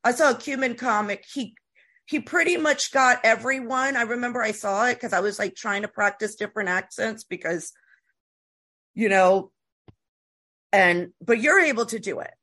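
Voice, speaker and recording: Female podcast host, East Coast accent, bright and excitable, rambles. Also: fairly high pitch, normal speed. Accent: East Coast American. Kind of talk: casual podcast chat.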